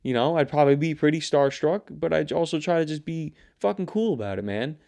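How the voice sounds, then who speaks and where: Gravelly-voiced man ranting on his show. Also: a little high, a little fast. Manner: rambling, profane, animated ranting. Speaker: show host. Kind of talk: casual solo commentary.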